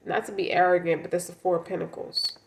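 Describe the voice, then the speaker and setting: Woman, tarot reader, blunt and profane, somewhat low voice, echoey room. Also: little pitch movement, fast, creaky, a little hiss or hum. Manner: blunt, profane, speaks as the client's partner. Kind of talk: casual tarot reading.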